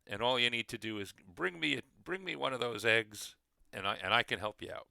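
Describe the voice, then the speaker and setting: A man's voice: medium pitch, expressive, a little fast, creaky, bright, forceful tone, no echo, voice pushed up, exaggerated voice. A man voicing a mischievous male leprechaun in a tabletop game, cheerful and wheedling as he bargains. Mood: cheerful bargaining. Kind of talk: game master voicing a character.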